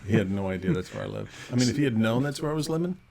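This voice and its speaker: A man's voice: fairly low pitch, rapid-fire, gravelly. Middle-aged man telling stories with animation. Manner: animated anecdotal storyteller with frequent restarts. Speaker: podcast guest, actor and writer. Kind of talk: casual storytelling interview.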